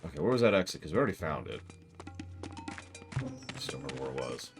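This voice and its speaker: A man's voice: very deep voice, sing-song, quick pace, gravelly, over music. A man streaming a game live, chatting casually and rambling with self-deprecating asides.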